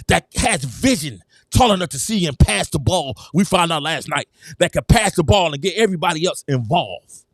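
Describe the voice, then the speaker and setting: A man hosting a sports talk show, excitable and repetitive, calling out to his viewers. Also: on the high side, moderate pace, no echo, clean studio sound. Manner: excitable, repeats himself, addresses viewers as "citizens". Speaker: sports commentary show host. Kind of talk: animated sports opinion talk.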